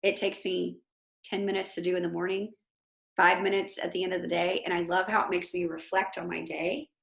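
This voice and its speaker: A woman teacher giving an informal motivational talk over a video call, chatty and animated, with lots of fillers. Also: lowish voice, a little fast, gravelly, reverberant. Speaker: host of an online motivation talk.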